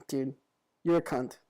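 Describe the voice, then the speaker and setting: A man's voice: mid-range voice, bright, forceful tone. A man hosting a casual podcast, joking crudely and teasing his friends. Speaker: podcast host.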